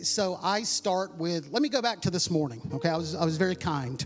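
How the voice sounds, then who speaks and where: High-voiced preacher telling his story. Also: a little fast, hardly any pauses. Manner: animated, self-mocking, repeats words while telling a story. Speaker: pastor. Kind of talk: sermon testimony storytelling. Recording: long hall reverb with faint music.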